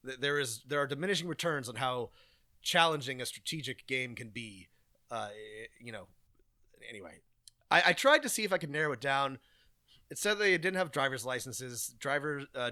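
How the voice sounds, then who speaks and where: A man's voice: medium pitch, pushed and bright, no echo, studio quality. A man co-hosting a podcast in casual chat, rambling and hesitant with many ums and restarts. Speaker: podcast co-host.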